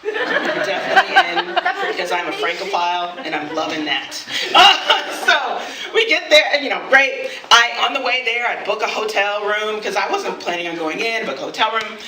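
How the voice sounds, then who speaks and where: Bright, animated woman telling a story. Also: mid-range voice, normal speed, slight background noise. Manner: animated, laughs often, acts out quoted voices. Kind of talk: live storytelling performance. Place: studio event space with audience. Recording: echoey room, voice from a distance.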